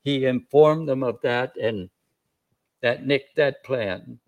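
A man's voice: mid-range voice, takes it slowly, highs cut off. A man preaching a sermon, retelling a scripture story in a folksy, conversational way. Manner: folksy, conversational, with chuckles and restarts.

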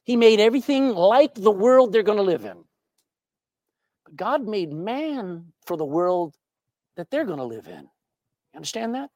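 A woman's voice: medium pitch, measured pace, pauses often. A woman preaching with a voice that rises and falls freely, keeping her congregation engaged with questions and the odd humorous story. Her sermon is captured close and dry, with no room echo. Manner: animated, asks the congregation questions; tells jokes and anecdotes with a laugh.

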